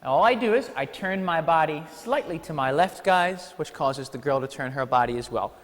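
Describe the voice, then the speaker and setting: An energetic man teaching a ballroom class, calling out counts with a lively, swooping delivery and a fairly high voice. His words ring out with a long reverb. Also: normal speed. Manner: energetic, counts steps aloud, playful asides. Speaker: dance teacher. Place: dance studio hall.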